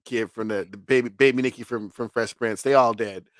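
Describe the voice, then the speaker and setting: In clean studio sound with no echo, a man co-hosts a podcast, chatting casually about movies in a steady, fairly bright mid-range voice at a fairly quick pace. He laughs often and swears freely.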